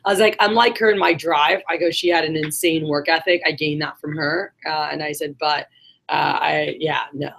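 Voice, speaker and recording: A woman's voice: low voice, fairly even intonation, normal speed, vocal fry, fairly bright tone. A woman giving a casual, swearing motivational talk to her sales team, acting out the voices in her stories. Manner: casual storytelling, acts out quotes, swears.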